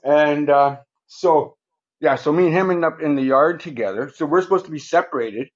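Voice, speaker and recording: A man's slightly high voice moves at a moderate pace on dull-sounding audio. Guesting on a podcast, he rambles through casual stories, swears constantly, and keeps closing sentences with "right?".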